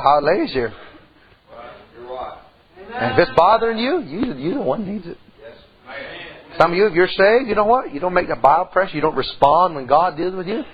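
A man's voice: high-pitched, dull audio. A middle-aged man preaching a sermon in church, telling a folksy story and rising into emphatic calls to the congregation.

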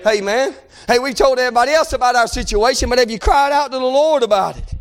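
A male preacher with a strikingly high-pitched voice delivers a fervent sermon. He swings from shouted calls to quiet, hushed readings of scripture. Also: fast, clean tone.

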